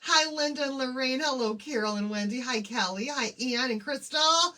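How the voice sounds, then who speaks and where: A woman's voice: high voice, normal speed, bright, forceful tone. A woman hosting a casual craft livestream, bubbly and chatty as she greets viewers one by one.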